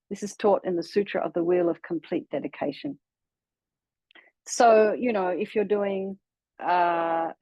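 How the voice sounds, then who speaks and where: An Australian woman, a Buddhist nun, leads a class in a relaxed, chatty way and laughs easily. She sounds out mantras slowly, syllable by syllable, in a mid-pitched voice. The recording is close and dry, with no room sound. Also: husky, no echo, poor audio. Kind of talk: teaching a meditation class.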